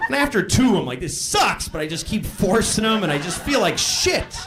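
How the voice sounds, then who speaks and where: A man's voice: sits high, sing-song, normal speed, background noise. A man doing a stand-up comedy set, profane and self-deprecating, acting out little voices as he goes. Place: live comedy stage. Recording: live show with loud crowd laughter. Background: audience laughter.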